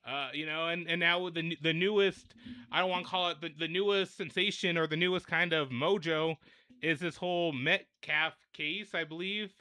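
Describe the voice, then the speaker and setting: A man's voice: on the high side, steady tone, moderate pace, bright, forceful tone. A young man hosting a livestream, ranting and rambling in a repetitive, fed-up way while addressing his viewers directly. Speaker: livestream host.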